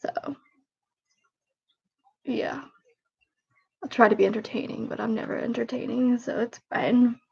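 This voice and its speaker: A tired, sniffly woman in her twenties rambles through casual livestream chat, low-key and self-deprecating. Her voice has a gravelly, creaky edge. The audio is dull and lo-fi. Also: flat delivery, measured pace, pauses often, a little mellow. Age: 20s.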